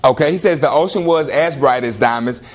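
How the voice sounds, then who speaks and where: A male teacher leading a classroom lesson, firing questions at students in lively call-and-response. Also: mid-range voice, a little fast.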